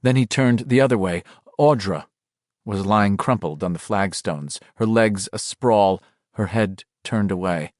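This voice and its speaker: A man's voice: fairly low pitch, a little slow, darkish tone, dry recording, studio quality. A man narrating a horror novel as an audiobook, in a dramatic, varied reading.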